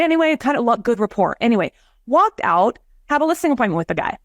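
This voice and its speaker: A woman's voice: on the high side, lively intonation, fast talker, no room sound, studio quality. Chatty woman telling a story. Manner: chatty storytelling with laughs and acted-out quotes. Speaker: real estate agent, podcast host. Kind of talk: casual livestream chat.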